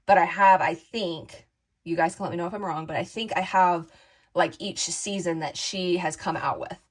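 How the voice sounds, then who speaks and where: A woman's voice: lowish voice, normal speed, poor audio. A woman crafting vlogger chatting casually to camera, rambling and indecisive, often laughing at herself and addressing viewers as "you guys.".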